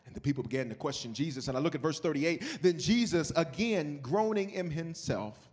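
Male pastor, sermon delivery, high voice, shouts then drops to a hush. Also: lively intonation, fairly quick, breathy edge. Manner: swings from shouted preaching to low hushed storytelling.

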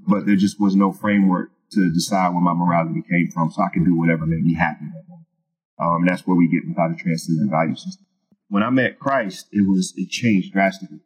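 Low-voiced man, brisk delivery, candid testimony as an interview guest. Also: fairly even intonation, low-quality recording. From Virginia. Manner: earnest storyteller, casual with many fillers and restarts.

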